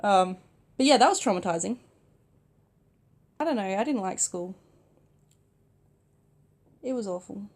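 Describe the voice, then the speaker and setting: A young woman tells a casual storytime from her bed while sick. Her voice sits in an ordinary middle female range. She talks softly and chattily, filling her sentences with "like". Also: mid-range voice, lively intonation, measured pace, long pauses. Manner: chatty, many "like" fillers, soft-spoken. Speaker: vlogger. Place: in bed at home.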